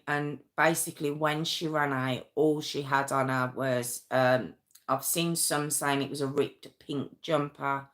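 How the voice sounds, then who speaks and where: A woman hosting her own channel, retelling a true-crime story in a casual, emotional and halting way, with many restarts and pauses. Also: deep voice, a bit bright.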